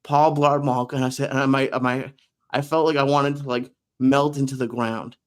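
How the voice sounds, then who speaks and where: A man in a casual podcast chat, telling animated, self-deprecating stories. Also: mid-range voice, moderate pace, clear, resonant tone. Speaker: podcast co-host.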